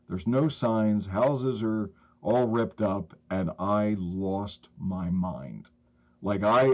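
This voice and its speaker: A man in his fifties, a trauma therapist, telling an emotional story in a conversation, animated and halting, with many restarts. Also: fairly low pitch. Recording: slightly dull lo-fi audio.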